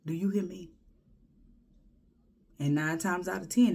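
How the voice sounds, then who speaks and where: Gravelly-voiced woman, blunt and sassy. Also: on the low side, measured pace, darkish tone. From Houston, Texas. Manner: blunt, sassy, often drops to a whisper. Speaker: vlogger. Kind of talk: casual advice monologue.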